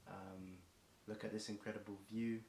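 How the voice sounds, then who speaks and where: A young man with an English accent rhymes off the cuff in a low, monotone voice, stumbling and restarting with plenty of ums. His voice sounds a bit worn and hoarse. He's recorded in an echoey room with a faint hiss behind him. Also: moderate pace. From England. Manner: rambling, self-correcting, frequent ums and restarts. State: voice getting hoarse. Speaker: streamer performing a marathon song. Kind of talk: improvised rhyming freestyle.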